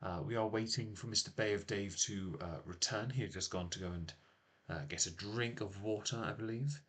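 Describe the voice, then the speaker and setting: Rambling, teasing man with a lowish voice. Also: normal speed, pushed and bright. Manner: rambling, filler-heavy, teasing. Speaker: host. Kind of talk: casual live-stream chat. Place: small home office. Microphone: laptop microphone.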